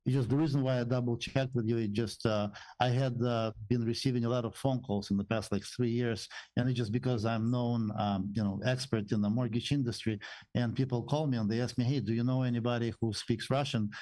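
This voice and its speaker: A man's voice: medium pitch, steady tone, brisk, dark tone, poor audio. A man hosting a radio show, a mortgage expert who talks in a friendly, emphatic way with some hesitant fillers. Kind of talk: casual radio talk.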